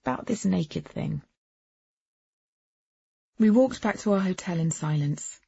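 A woman's voice: on the low side, lively intonation, measured pace, creaky, warm tone, husky, no echo. A woman narrating a first-person novel in an intimate, wry storytelling manner. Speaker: audiobook narrator. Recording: dull, dry lo-fi recording.

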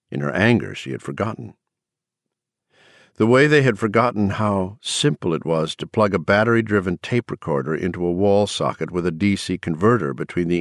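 A man reading an audiobook in measured, scripted narration. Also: sits low, gravelly, dry recording, clean studio sound.

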